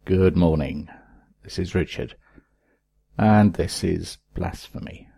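A man reading a short opinion piece aloud in a grave, measured way. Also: sits low, gravelly, dark tone, husky, no room sound. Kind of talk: read-aloud commentary.

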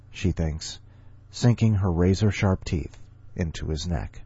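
Dark-voiced man hosting a story podcast. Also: sits low, a little slow, slightly rough. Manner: rambling, joking. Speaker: podcast host. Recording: dull lo-fi recording with faint music.

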